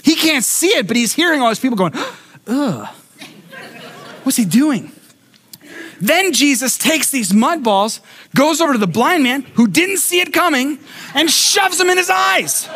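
A man pastor preaching a sermon, telling a story with lively acted-out voices and frequent restarts. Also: very high-pitched, moderate pace, a little hiss or hum. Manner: animated storytelling, acting out voices; repeats words when starting thoughts.

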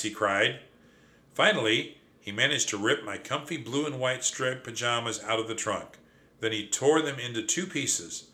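Bright-voiced man narrating a children's story. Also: fairly low pitch, unhurried. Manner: lively, dramatic first-person telling. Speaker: audiobook narrator.

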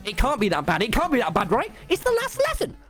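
A man's voice: extremely high pitch, huge pitch swings, quick pace, a bit bright, faint music behind. A teenage boy with a British accent tells a rambling, sarcastic school story while gaming live on stream, full of mock self-pity. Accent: British English.

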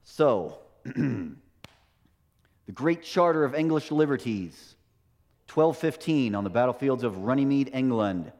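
A middle-aged American pastor preaches a sermon, throwing rhetorical questions and "right?" at his listeners. His voice is fairly low and a little mellow, with long hall reverb on the recording.

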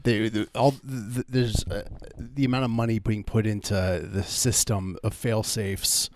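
A man's voice: fairly low pitch, steady tone, measured pace, slight background noise. A man co-hosting a radio show, talking in a laid-back, hesitant way with many fillers. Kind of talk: casual comedic banter during a fund drive.

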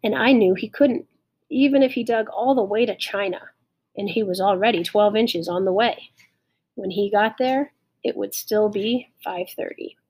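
A woman narrating an audiobook in a steady, measured storytelling manner. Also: medium pitch, husky.

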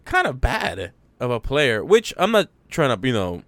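A man's voice: mid-range voice, huge pitch swings, moderate pace, a bit bright, dry recording. A man co-hosting a podcast, explaining game details at length in a rambling way, with many restarts. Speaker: podcast co-host. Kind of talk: casual gaming chat.

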